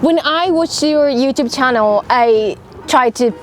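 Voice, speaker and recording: A young woman speaking English as a second language, eager and giggly, with halting phrasing. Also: high voice, a little hiss or hum. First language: Japanese. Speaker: guest. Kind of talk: casual chat.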